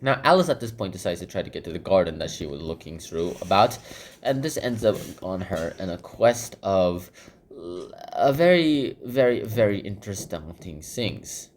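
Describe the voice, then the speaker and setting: Rambling low-voiced man summarizing a book. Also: animated, normal speed, slight background noise. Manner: rambling, filler-heavy, repeats "goes ahead". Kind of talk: casual spoken book summary while drawing.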